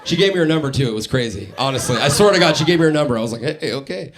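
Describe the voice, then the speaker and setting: A man's voice: mid-range voice, very fast. A young man, a radio host, doing a live stand-up set in a studio, telling stories and acting out the people in them. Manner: animated storytelling, acts out characters, laughs a lot. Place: live studio in front of a small audience.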